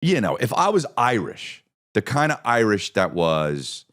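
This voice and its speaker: A man's voice: on the low side, very animated, unhurried, fairly bright tone. A man hosting a podcast, riffing through a profane, rambling comedic monologue with repeated bits. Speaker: podcast host.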